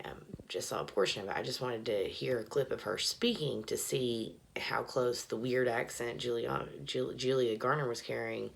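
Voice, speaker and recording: A woman's voice: extremely low pitch, creaky. A tipsy woman rambling casually and profanely in a bathroom, often dropping to a mutter. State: tipsy, slurring a little. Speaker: vlogger.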